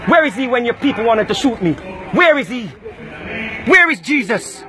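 A man with a strikingly high voice hurls loud, repetitive taunts in a heated confrontation on the street. A noisy crowd surrounds him outdoors. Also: expressive, a little fast. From Jamaica.

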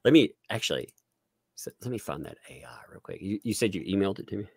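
A man's voice: low voice, fast, creaky, a little hiss or hum. A man with a Southern US accent hosting a live stream, chatting casually and laughing often. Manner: laughs often, animated jokey delivery.

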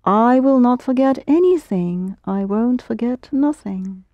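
A woman's voice: a little high, animated, a little slow, dry recording, highs cut off. A woman teaching a language lesson, explaining patiently step by step and prompting her students.

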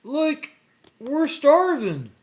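A man's voice: high-pitched, expressive, darkish tone, voice pushed up. A man voicing a hungry, cowardly teenage cartoon sidekick who whines and drags out his words. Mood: whiny. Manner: whiny, drawn-out, says "like".

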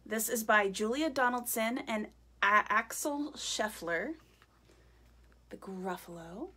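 A woman, a teacher type, reading a picture book aloud to children in a gentle, chatty way. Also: fairly high pitch, unhurried.

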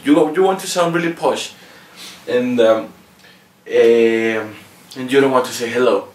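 A Mexican-accented man teaches a relaxed beginner lesson, pausing often to check in with a questioning "okay?". He sits a little back from the microphone, and his voice rings around a room with plenty of echo. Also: lowish voice. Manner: patient, ends phrases with "okay?". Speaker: language teacher. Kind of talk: casual video lesson. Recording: roomy echo, mic at a distance.

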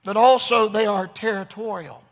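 A man preaching a revival sermon, swinging between shouted, chanting phrases with an "uh" between them and low, confiding talk. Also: steady tone, moderate pace. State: recovering from Bell's palsy. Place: large church or revival hall. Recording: long hall reverb.

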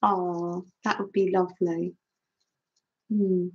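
An older woman hosting a craft livestream, chatting casually with viewers and greeting them with many soft "oh"s and little laughs. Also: on the low side, level tone, slow pace, dull audio.

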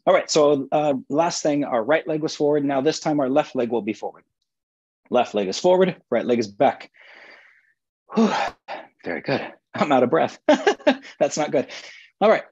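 Husky male physical therapist, playful and self-mocking, leading exercises over dull video-call audio. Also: mid-range voice, darkish tone. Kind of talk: guided exercise instruction.

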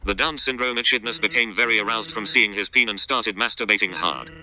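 A man narrating an absurd comic story in a flat, deadpan read-aloud. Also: lowish voice, brisk. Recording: dull, muffled lo-fi recording.

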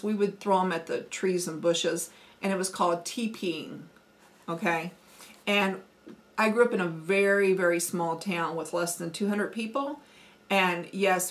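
Folksy Midwestern woman chatting. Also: medium pitch. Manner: chatty, folksy, frequent ums and laughs. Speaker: homesteading vlogger. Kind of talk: casual accent challenge chat.

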